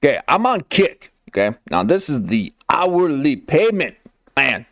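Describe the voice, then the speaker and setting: A hyped man hosts in a mock streamer persona, pitching his voice up and down constantly and tagging his lines with "okay?". His voice sits on the higher side. The sound is close and dry. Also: big pitch swings, measured pace, a bit bright, no room sound. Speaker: host of a comedy clip channel. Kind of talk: comedic streamer persona bit.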